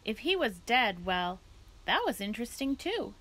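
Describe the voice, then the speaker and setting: A woman librarian reading a children's book aloud in a gentle, steady storytime style. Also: on the high side, normal speed.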